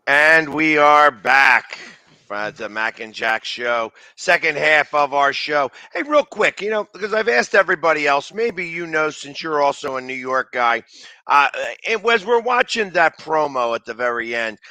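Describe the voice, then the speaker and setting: A man hosting a sports talk show who talks loudly and rambles, often restarting his sentences. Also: fairly high pitch, expressive, measured pace, dry recording. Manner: loud, talkative, rambling with restarts.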